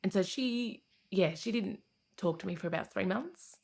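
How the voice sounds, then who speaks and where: As a guest in a casual interview, an Australian comedian and radio host in her thirties tells candid personal stories, frequently laughing and starting sentences over. Her mid-range voice moves at a moderate pace and is creaky, darkish in tone, and slightly rough.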